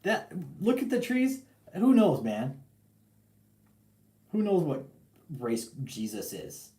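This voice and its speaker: A man hosts a loose call-in show, cursing freely and firing off slangy rants at his listeners. His voice sits at an ordinary pitch with a dark, mellow tone. He sounds like he is in an echoey, roomy space. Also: slow pace. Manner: profane, animated ranting with lots of slang. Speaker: podcast host. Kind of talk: casual call-in talk show.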